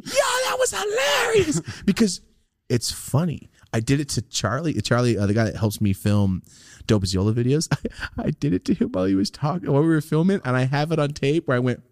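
A man co-hosting a casual podcast, swearing freely and acting out loud quoted voices as he tells stories. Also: mid-range voice, lively intonation, fast, no echo, studio quality. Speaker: podcast co-host.

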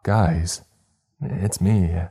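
A man voicing a creature that mimics a young woman's voice, speaking softly and sweetly, then spitefully. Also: deep voice, fairly even intonation, extremely slow, gravelly, husky, voice pushed up, full character voice. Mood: coaxing, sweet.

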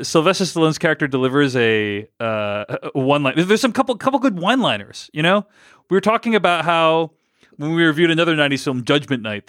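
A man's voice: a little high, fairly bright tone, smooth, no echo, studio quality. A man hosting a casual movie review podcast, rambling with lots of fillers. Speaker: podcast host.

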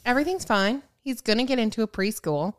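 A woman's voice: fairly high pitch, expressive, quick pace. A woman co-hosting a podcast in casual chat, asking short follow-up questions and teasing her co-host.

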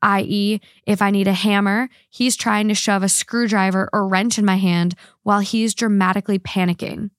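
A woman's voice: medium pitch, fairly even intonation, moderate pace, hardly any pauses, no echo, studio quality. A woman hosting a podcast, a little drunk, rambling through online comments with lots of fillers and slips. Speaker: podcast host. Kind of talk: casual chat reading online comments.

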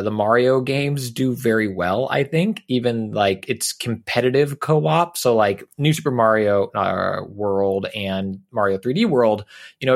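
A man co-hosting a podcast, thinking aloud in a casual, considered way. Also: on the low side. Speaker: podcast co-host. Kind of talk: casual chat.

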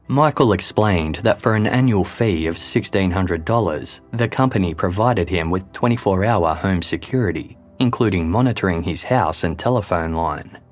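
A man reading a scripted true-crime narration in a measured, grave way. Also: sits low. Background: faint background music.

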